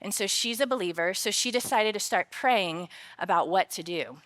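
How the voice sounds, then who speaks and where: A woman's voice: medium pitch, normal speed. A woman speaking at a conference, giving a faith-based talk on work, telling personal stories with humor before turning earnest and reflective. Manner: storytelling, lively personal anecdotes told with humor; earnest and reflective when drawing the lesson. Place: conference stage.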